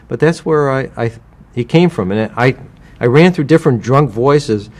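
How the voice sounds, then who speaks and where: A man from the United States, a voice actor, chatting in a relaxed interview. He rambles and restarts often, with a middling voice, and breaks into short character voices as he remembers things. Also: mid-range voice, moderate pace. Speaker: guest voice actor. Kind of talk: casual interview.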